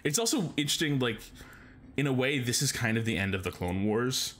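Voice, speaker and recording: A man's voice: mid-range voice, animated, brisk, fairly bright tone, a little hiss or hum. A man co-hosting a podcast in casual chat, rambling enthusiastically with lots of filler words. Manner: enthusiastic fan. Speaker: podcast co-host.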